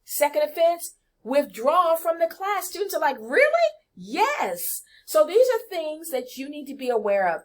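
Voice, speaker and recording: A woman's voice: high voice, animated, moderate pace. A woman, walking students through college rules in an emphatic, chatty lesson that speaks to them directly. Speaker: college orientation presenter. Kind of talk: screen-share walkthrough lesson.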